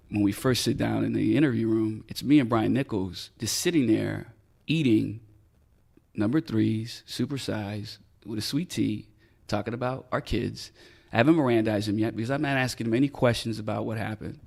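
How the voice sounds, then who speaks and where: Gravelly middle-aged man telling stories. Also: on the low side, normal speed. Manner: animated storyteller who acts out quoted dialogue; casual, swears freely. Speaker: retired police detective, guest. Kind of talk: podcast interview storytelling.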